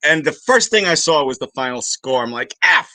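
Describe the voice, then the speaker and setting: Lively, bright-voiced man chatting. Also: medium pitch, a little fast, no room sound. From United States. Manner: animated, laughing, stammering restarts. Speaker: guest. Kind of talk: casual football chat.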